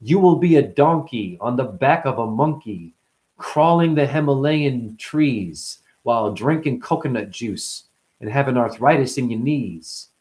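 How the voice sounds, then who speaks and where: A man's voice: mid-range voice, expressive, measured pace, darkish tone. A man talking as a spiritual teacher in a loose, profane monologue, playful and fond of acting out other people's voices. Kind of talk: rambling spoken monologue.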